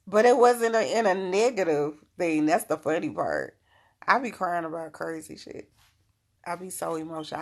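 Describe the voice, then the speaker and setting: Frank, motherly middle-aged woman hosting a casual advice livestream; low, heavily gravelly voice. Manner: frank, motherly, laughing often. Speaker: spiritual advice host.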